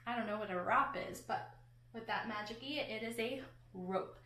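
A woman's voice: on the high side, normal speed, bright, forceful tone. A woman teacher giving a patient phonics lesson to children, sounding out words and letters one at a time. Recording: echoey room.

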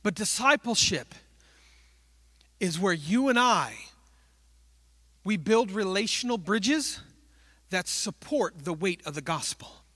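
A man preaching a sermon in a church, telling stories in an animated way and acting out little dialogues. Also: high-pitched, takes it slowly, long pauses, no room sound.

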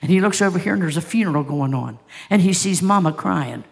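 A woman's voice: on the low side, animated, brisk, vocal fry. A woman pastor preaching a sermon, telling stories with passion and asking the congregation rhetorical questions.

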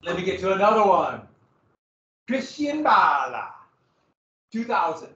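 A man's voice: high-pitched, sing-song, measured pace, fairly bright tone, slight background noise. A man giving a casual, jokey slide presentation to a small group, chatty and given to tangents. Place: room with a small audience. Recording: roomy, distant, slightly dull.

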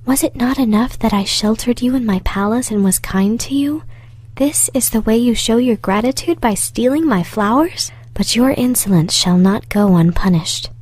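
A woman's voice: a little high, moderate pace, a little mellow, husky, no echo. A woman reading as a grim, stern beast.

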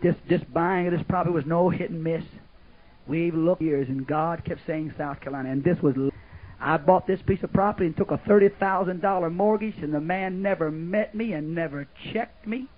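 Older preacher, folksy and rambling, husky voice, tinny old phone-like tape. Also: male voice, fairly high pitch, normal speed. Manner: folksy, rambling, sudden shouts and laughs. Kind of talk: sermon. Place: church camp meeting. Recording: muffled lo-fi old tape, narrow band.

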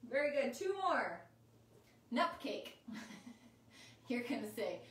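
A woman teaching a kindergarten class online, talking in a slow, sing-song, encouraging way. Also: a little high, very animated, fairly bright tone. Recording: roomy, slightly distant mic with faint ambience.

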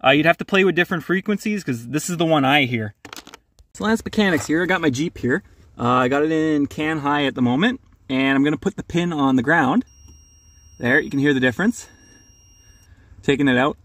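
A man's voice: fairly high pitch, a little fast, a bit bright. A male mechanic hosting a casual, plain-spoken how-to tutorial from his garage. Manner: plain-spoken, hands-on, practical. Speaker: mechanic, channel host.

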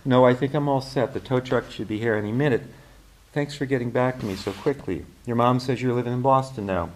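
A man's voice: mid-range voice, brisk, a little mellow, natural voice. A man reading a shaken middle-aged woman.

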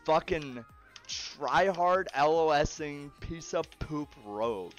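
A man's voice: on the high side, animated, slow pace, soft background music. Swearing frustrated man streaming a game. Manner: swearing, frustrated outbursts and laughter. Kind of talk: live gaming stream chatter.

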